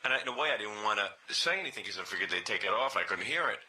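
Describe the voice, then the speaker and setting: A man tells a story with lots of energy, laughing as he goes and slipping into quick impressions. His voice is very bright and his pitch swings widely. He talks in a casual, chatty way. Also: a little hiss or hum. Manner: animated, with frequent laughs and acted-out quotes. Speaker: radio show caller telling a story.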